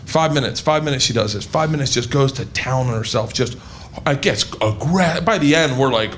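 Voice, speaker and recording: A man telling a brash, profane story as a stand-up comedian, in a played clip with loud background noise. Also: mid-range voice, normal speed.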